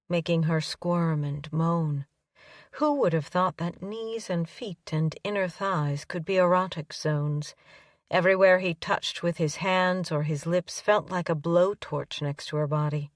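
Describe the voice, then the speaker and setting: A woman narrating a romance audiobook in an even, unhurried storytelling manner. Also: fairly low pitch, no echo, clean studio sound, distant mic.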